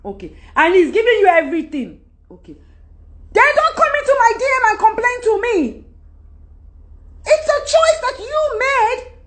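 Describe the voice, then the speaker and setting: A middle-aged woman with a Nigerian accent, ranting unscripted into her phone on a live stream, preachy and animated with loud outbursts. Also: very high voice, moderate pace, long pauses. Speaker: livestream host.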